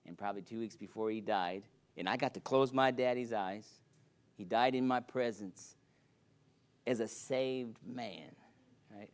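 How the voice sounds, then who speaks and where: A man's voice: fairly low pitch, a little slow, smooth. A man preaching a sermon as pastor, emphatic with a repetitive, building cadence.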